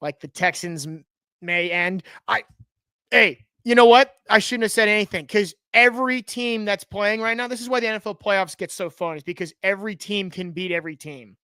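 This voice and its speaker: Host type, smooth clear voice, dry close sound, jokey asides, breaks off mid-thought. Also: mid-range voice, moderate pace, bright, forceful tone, dry recording. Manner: joking asides, teases and self-interrupts. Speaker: show host. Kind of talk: live show chat with sponsor plugs.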